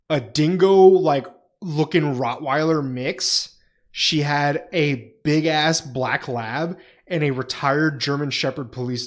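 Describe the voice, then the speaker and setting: A man co-hosting a podcast, telling stories in casual, profane chat. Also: mid-range voice. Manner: profane, animated storyteller. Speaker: podcast co-host.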